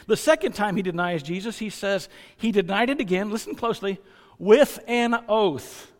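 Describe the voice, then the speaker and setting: A man preaching a sermon as pastor, earnest and building to loud, emphatic stresses. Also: high-pitched, normal speed, big-room sound.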